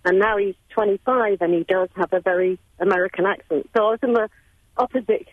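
A woman's voice: mid-range voice, a little fast, no echo. Hesitant woman caller on the phone. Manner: hesitant, with nervous laughs. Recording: tinny phone line.

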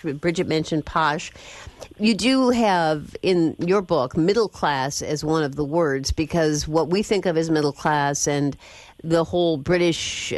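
A woman hosting a radio call-in show who takes calls and asks brisk, short questions. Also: sits low, no echo. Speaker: radio host.

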